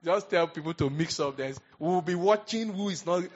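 A man preaching a sermon as pastor, animated, swinging from hushed asides to loud emphatic bursts. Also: high voice, fairly quick, highs cut off.

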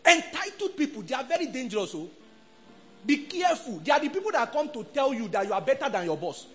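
Animated Nigerian pastor, high lively voice. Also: male voice, quick pace, soft background music. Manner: animated, call-and-response preaching, acts out quoted voices. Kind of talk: sermon.

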